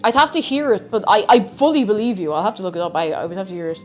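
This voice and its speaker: A woman's voice: medium pitch, racing, faint music behind. A woman streaming herself cooking in a home kitchen, chatting casually and mocking herself as she rambles. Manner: rambling, self-mocking, talks to herself and chat. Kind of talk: casual live-stream chat while cooking.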